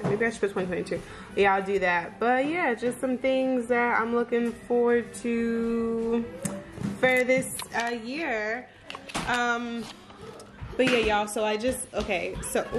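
Chatty woman vlogging at home over music. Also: mid-range voice. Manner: chatty and rambling, addresses viewers as "y'all". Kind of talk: casual day-in-the-life vlog chat.

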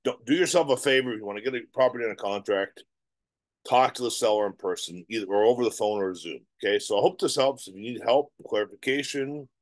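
A middle-aged man giving real estate advice straight to camera, animated and emphatic, often repeating his words. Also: mid-range voice. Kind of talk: direct-to-camera advice talk.

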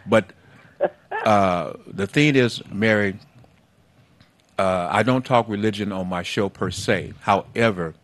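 A fairly low-voiced man runs a call-in talk show in a folksy, easygoing way. He leans on words for emphasis and talks to his callers like old friends. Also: fairly bright tone, a little hiss or hum. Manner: folksy, drawn-out emphasis, calls guests baby.

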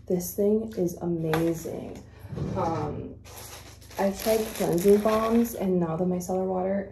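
A woman's voice: on the low side, noisy background. A woman vlogging casually while doing her makeup, a native Spanish speaker who rambles with fillers and restarts and sounds a little out of breath. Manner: chatty, rambling with fillers and self-corrections. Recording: echoey room.

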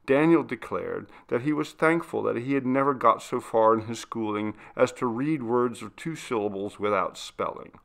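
Gravelly male audiobook narrator. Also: on the low side. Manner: steady, measured reading. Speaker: audiobook reader. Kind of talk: scripted narration of a classic ghost story.

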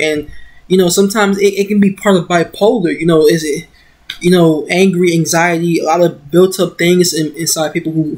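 A woman's voice: on the low side, breathy edge. A young woman telling a personal story in a casual story-time vlog, rambling with many fillers and growing heated, into a computer microphone. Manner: rambling, full of "you know" fillers, grows heated and emotional. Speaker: vlogger.

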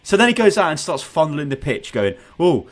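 A man hosting a gaming podcast over voice chat, ranting in an animated, sarcastic way. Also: a little high, a little fast. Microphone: headset on voice chat.

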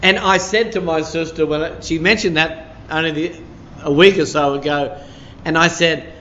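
A man's voice: fairly high pitch, fairly even intonation, moderate pace, a bit bright. A man, preaching a midweek sermon as a pastor in a chatty storytelling way, full of "you know" and "sort of".

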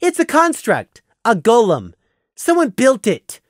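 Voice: mid-range voice, huge pitch swings, measured pace, dry recording, clean studio sound, pitched above the performer's own voice. A man voicing a young male lamb who explains things in a cutting, matter-of-fact way. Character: young male lamb, sharp-tongued and knowing.

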